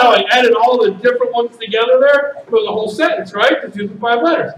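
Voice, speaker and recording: A man performing stand-up comedy at a party, with loud, animated shouted bits. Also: high voice, fast talker, few pauses, echoey room, recorded from a distance, noisy background.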